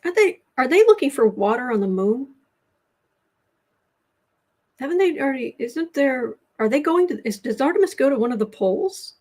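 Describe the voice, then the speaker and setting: A woman's voice: high voice, big pitch swings, brisk, a little mellow. Chatty woman reading tarot on a livestream. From United States. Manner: chatty, trails off and restarts, reads chat aloud. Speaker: tarot reader livestream host.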